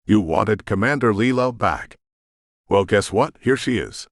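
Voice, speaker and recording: A man's voice: fairly low pitch, expressive, measured pace, dry recording, studio quality. A man voicing a fierce, defiant female commander in an audiobook, with clipped delivery.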